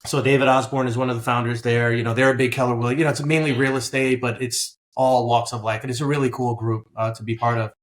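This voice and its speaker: Animated New man telling stories. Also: medium pitch, fast talker, few pauses. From Queens, New York. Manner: animated storyteller, acts out dialogue. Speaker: guest, business buyer. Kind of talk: conversational interview.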